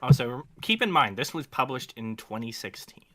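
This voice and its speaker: A man's voice: mid-range voice, sing-song, normal speed, pushed and bright. A man co-hosting a casual commentary podcast, talking bluntly and crudely with lots of fillers and restarts. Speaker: podcast co-host.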